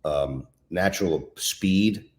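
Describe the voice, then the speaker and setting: Low-voiced man talking baseball. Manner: halting, restarts often, opinionated. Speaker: baseball analyst. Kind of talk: casual sports talk.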